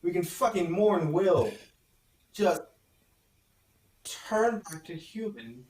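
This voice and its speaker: A man playing a rogue adventurer in a tabletop game, urgent and swearing, his voice a little higher than most. He sounds distant from the mic in an echoey room. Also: expressive, slow pace, darkish tone. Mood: pleading. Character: rogue adventurer pleading with friend.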